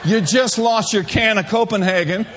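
A man's voice: sits high, moderate pace, background noise. A man preaching a sermon, emphatic and humorous, calling out to his congregation.

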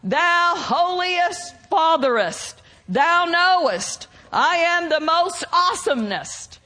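A woman preacher voicing a pompous male hypocrite who prays showily in drawn-out, mock-archaic words, as part of a sermon. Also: very high voice, lively intonation, pushed and bright, full character voice.

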